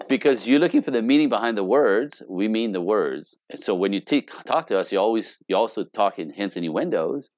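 Animated, low-voiced man coaching on relationships. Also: brisk, few pauses. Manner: acts out quoted dialogue with playful exaggeration, swearing freely. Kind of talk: animated casual talk.

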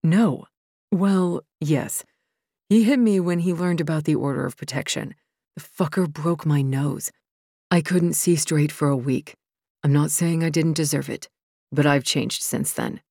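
A woman voicing a defensive young man who pleads quickly in his own defense. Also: sits low, gravelly, warm tone, breathy edge, no echo, studio quality, heavily acted.

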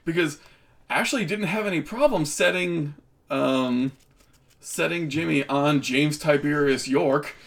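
A man co-hosting a casual TV recap podcast, relaxed, laughing often and using many fillers. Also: a little high, measured pace, gravelly. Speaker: podcast co-host. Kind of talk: casual chat.

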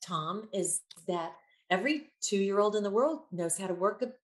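As a guest in a conversational interview, a children's ministry music leader speaks at a moderate pace in a mid-range voice, bringing her stories to life by voicing the people she quotes. The recording has an echoey room sound.

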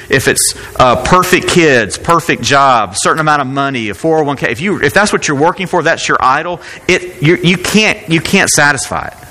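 A man's voice: a little high, sharp tone, big-room sound. A man preaching a sermon as pastor, talking in a conversational way and asking rhetorical questions.

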